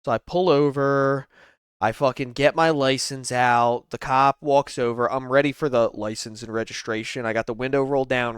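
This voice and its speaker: Smooth-voiced man telling a profane story. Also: medium pitch, no echo, studio quality. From Philadelphia area. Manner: profane, animated anecdote-telling. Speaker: channel host commenting on clips. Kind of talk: casual storytelling commentary.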